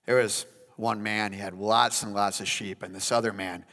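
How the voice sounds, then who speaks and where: A calm prophet telling a quick, plain story, as a preacher speaks for him. The voice stays level and unhurried in tone. A hall's long reverb trails after it. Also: male voice, fairly low pitch.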